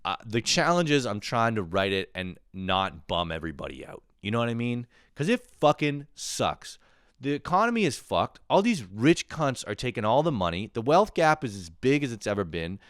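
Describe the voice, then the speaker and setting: A man's voice: medium pitch, sing-song, moderate pace, a bit bright, no room sound, studio quality. A young man delivering a casual comedic monologue, rambling and exasperated, swearing as he rants. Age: young adult. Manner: profane, rambling, exasperated ranting. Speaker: comedian podcast host.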